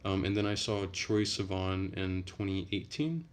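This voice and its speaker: A young man on a casual late-night livestream, reading chat and rambling in a relaxed, soft-spoken way. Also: sits low, a little slow, slight background noise.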